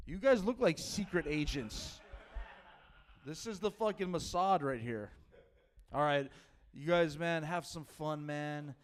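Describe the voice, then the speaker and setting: A man doing stand-up on a club stage, delivering absurd claims in a low-key, deadpan way. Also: smooth. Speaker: stand-up comedian. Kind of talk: stand-up comedy set.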